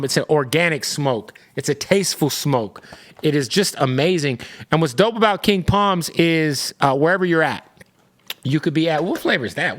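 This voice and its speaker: A man hosting a podcast, reading a hyped sponsor spot and asking loose, casual interview questions. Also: fairly high pitch. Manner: excitable, loose, swears casually. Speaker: podcast host.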